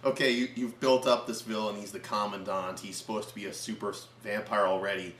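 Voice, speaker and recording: A man co-hosting a casual comedic movie review, excitable and building up jokes. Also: on the low side, fairly quick, echoey room, a little hiss or hum.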